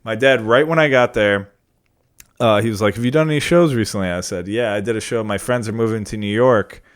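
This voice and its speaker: A man's voice: lowish voice, normal speed. Rambling young man telling stories. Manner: rambling, swearing, storytelling. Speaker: podcast co-host, comedian. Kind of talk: casual chat.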